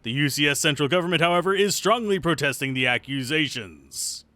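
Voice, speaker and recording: A man voicing a male TV news anchor and reading a report in an even, formal broadcast manner. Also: fairly high pitch, brisk, no room sound. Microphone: close desk mic.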